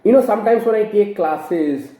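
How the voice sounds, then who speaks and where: A man teaches grammar, patiently walking through each example and quizzing his viewers. His fairly high voice is mellow and rises and falls in a lively way. The room around him adds a noticeable echo. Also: moderate pace. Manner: explains patiently, asks rhetorical questions. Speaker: English teacher. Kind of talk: grammar lesson to camera.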